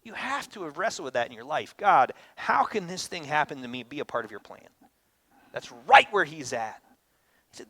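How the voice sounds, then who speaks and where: A pastor in his thirties giving a conversational sermon, acting out quotes with lively energy. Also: fairly high pitch, moderate pace, no room sound. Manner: conversational, animated, acts out quotes.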